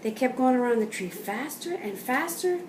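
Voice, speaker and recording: A woman reading a picture book aloud to children, pausing to point at pictures and explain words. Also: a little high, animated, a little mellow. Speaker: storyteller. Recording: roomy, from a distance, faint background noise.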